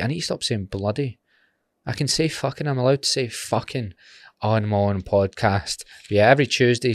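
A young Glaswegian man with a broad Scottish accent hosts his own podcast, chatting casually and wandering off on tangents. He swears freely and cracks jokes. His voice sits fairly low and sounds dry and close on the mic. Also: no room sound. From Glasgow, Scotland. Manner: rambling, sweary and jokey, goes off on tangents. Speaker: podcast host. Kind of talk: casual solo podcast chat.

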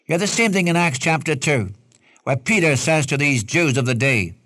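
A man's voice: a little high, animated, normal speed, fairly bright tone, no echo, studio quality. A man preaching a radio Bible study sermon, emphatic and pleading as he quotes scripture.

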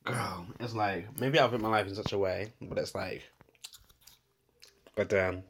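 A young man talking through an unscripted voice note monologue, sighing and laughing, with sudden loud outbursts between muttered asides. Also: on the low side, moderate pace, slight background noise. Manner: emotional, swinging from muttered sighs to loud outbursts; sighs and laughs often, says "girl" a lot. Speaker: podcast host.

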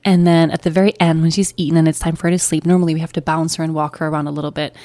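A woman's voice: sits low, flat delivery, racing, warm tone, no echo. A young woman and new mother candidly telling a personal story in a chatty, emotional way. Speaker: podcast host.

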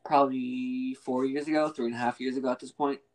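A young man hosts a podcast in easygoing chat. His voice sits at an ordinary middle pitch. He rambles, with loose fillers and restarts. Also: flat delivery, brisk. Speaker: podcast host. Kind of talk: casual chat.

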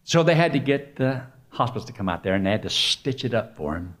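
A man's voice: medium pitch, sing-song, a little fast. Preacher guy, folksy and emphatic, voice jumps all over the place. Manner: folksy, emphatic storytelling with dramatic swings. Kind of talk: sermon.

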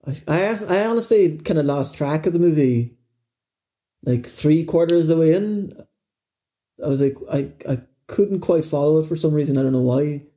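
A man's voice: on the high side, animated, normal speed, dark tone. A man in a casual film discussion, talking candidly and swearing freely.

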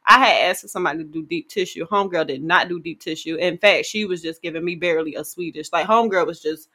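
A woman co-hosting a casual podcast, telling stories in an animated, slangy way and talking to her listeners. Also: on the low side, fast. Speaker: podcast co-host. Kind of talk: casual chat, storytelling.

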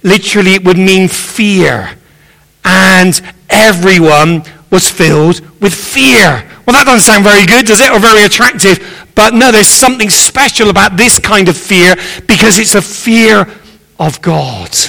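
Visiting male preacher, high bright voice, earnest, encouraging, echoing church. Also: normal speed, vocal fry. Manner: earnest and encouraging, repeats key phrases. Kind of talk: sermon. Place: church sanctuary. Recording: echoey church hall.

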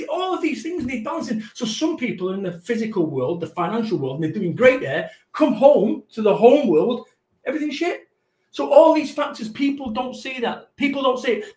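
A middle-aged man, a business coach and podcast guest, telling stories in a profane, emphatic, animated way. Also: sits high, echoey room, rough recording. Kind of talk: podcast conversation.

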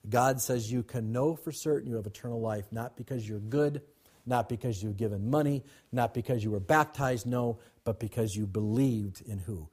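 Male pastor, husky voice, emphatic preaching with call and response. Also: medium pitch, normal speed, darkish tone. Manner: emphatic, repetitive, calls to the congregation. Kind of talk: sermon.

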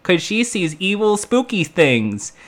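High-voiced man rambling through a recap. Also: sing-song, slow pace. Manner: rambling recap, many fillers. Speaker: podcast co-host. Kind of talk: casual podcast chat.

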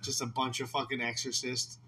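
A man's voice: medium pitch, level tone, brisk, pushed and bright. A man co-hosting a podcast, joking around in casual chat and swearing freely. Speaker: podcast co-host.

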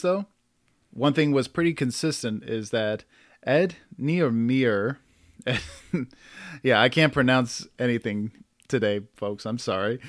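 A man's voice: mid-range voice, no room sound. Man, podcast host, casual chat, laughs a lot, trips on names, dry close sound. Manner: laughs often, stumbles over names.

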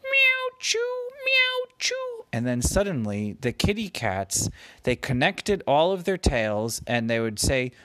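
A man improvising a gently playful, meandering bedtime story for a child. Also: mid-range voice, very animated, measured pace, no room sound.

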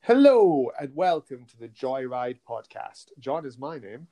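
A man's voice: mid-range voice, big pitch swings, unhurried, warm tone, soft background music. Earnest, hesitant male podcast host. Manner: earnest, hesitant, many fillers. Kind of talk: casual chat.

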